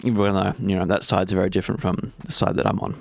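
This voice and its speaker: A man's voice: sits low, level tone, quick pace, gravelly, no room sound. A man with an Australian accent, a game developer chatting casually and jokingly with viewers on a live stream. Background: faint music playing.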